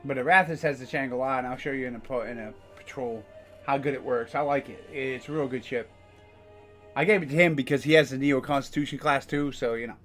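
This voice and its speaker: A man's voice: medium pitch, brisk, a bit bright, soft background music. A man casually streaming a game, rambling with frequent fillers and the odd curse. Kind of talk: casual gameplay commentary.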